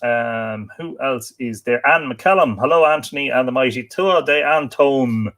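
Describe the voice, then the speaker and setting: A man's voice: mid-range voice, unhurried, fairly bright tone. An Irish man hosting a live stream from his home library, reading out viewer comments in a chatty, teasing way with frequent fillers. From Ireland.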